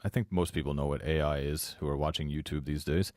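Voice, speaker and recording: A man with a very low voice riffs sarcastically on a video he is watching, laughing often between jabs. His sound is dry and close, with no room around it. It is an easygoing podcast chat between co-hosts. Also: fairly even intonation, quick pace, darkish tone, no room sound. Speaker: podcast co-host. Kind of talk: casual mocking commentary over a video.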